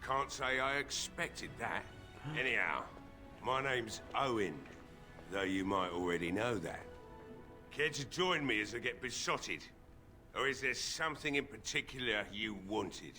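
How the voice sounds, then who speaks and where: A man voicing a gruff, bitter old village blacksmith who is drunk, with a weary drinker's drawl, in a video game. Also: medium pitch, expressive, measured pace, sharp tone, soft background music. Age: older.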